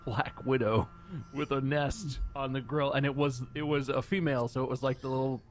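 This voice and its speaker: A man on a podcast telling a story casually and animatedly, with laughing asides. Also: medium pitch. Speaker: podcast co-host.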